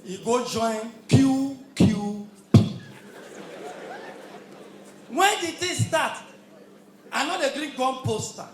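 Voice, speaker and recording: Loud Nigerian Pidgin stand-up comic. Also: male voice, very high voice, expressive, slow pace, pauses often, reverberant, soft background music. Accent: Nigerian Pidgin English. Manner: loud, punchy, shouted punchlines. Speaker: stand-up comedian. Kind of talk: live stand-up comedy.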